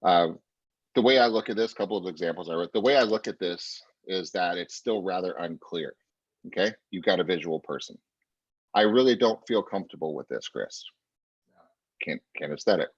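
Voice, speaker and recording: A man's voice: sits low, a little fast, no echo. A man coaching real estate agents over a video call, driving his points home with lots of "right?" and "pay attention". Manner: energetic coaching, repeats "right?" and "pay attention", acts out client quotes. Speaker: real estate sales trainer. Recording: muffled dry lo-fi audio.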